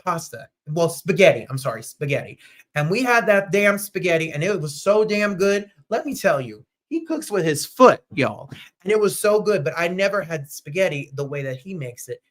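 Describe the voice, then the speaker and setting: A man hosting a live online show, chatting casually and animatedly, with sudden jumps to loud, high outbursts. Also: sing-song, normal speed. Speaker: host. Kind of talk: casual livestream chat.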